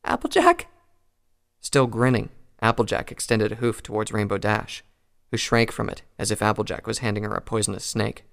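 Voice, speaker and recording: Gravelly man reading a story. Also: fairly low pitch, flat delivery, brisk, fairly bright tone. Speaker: narrator. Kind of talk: reading fan fiction aloud.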